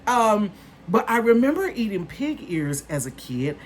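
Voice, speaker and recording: A woman in her fifties chatting casually to her viewers as a vlogger, calling them "honey" and "you guys" and bursting into excitement. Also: medium pitch, a little slow, a little hiss or hum. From northern United States. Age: 50s.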